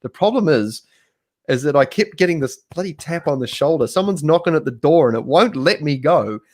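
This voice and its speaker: A man's voice: on the high side, lively intonation, fairly quick. A man from New Zealand hosting a casual livestream conversation, talking in a rambling, hesitant way with many restarts. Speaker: host.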